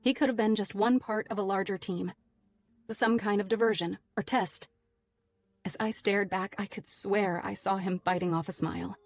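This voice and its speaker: A woman's voice: medium pitch, fairly even intonation, moderate pace. A woman narrating a thriller audiobook in the first person, tense and driven.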